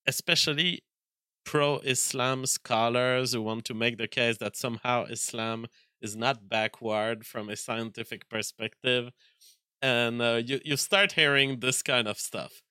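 A man with a noticeable French accent talks on a live stream in a crisp, forceful voice. He pauses and restarts often as he reads viewer messages and thinks aloud, and the sound is dry and close. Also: medium pitch, dry recording. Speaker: livestream host reading viewer messages. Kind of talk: casual live-stream chat.

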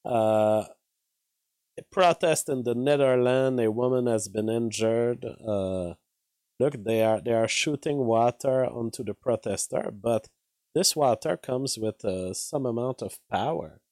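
A man's voice: medium pitch, a little slow, a little mellow, no room sound. A man hosting a casual news commentary show, wry and given to laughing at his own remarks. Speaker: host.

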